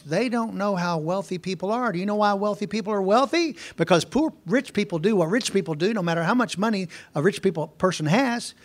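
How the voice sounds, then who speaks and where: A minister in his sixties telling folksy stories in a sermon, talking in a repetitive, emphatic way. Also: high voice. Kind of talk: storytelling sermon.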